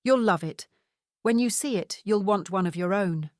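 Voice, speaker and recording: A woman's voice: mid-range voice, normal speed, no room sound, clean studio sound, lightly acted. A woman doing a fussing mum in her seventies. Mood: fond. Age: 70s. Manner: fussing, motherly. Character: warm older mother, fussing.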